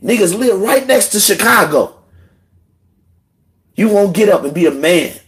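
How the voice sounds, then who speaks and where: A man hosting a livestream, ranting heatedly and emotionally, swinging between low muttering and shouting. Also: expressive, unhurried. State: emotional, in tears. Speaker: livestream host. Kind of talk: angry livestream rant.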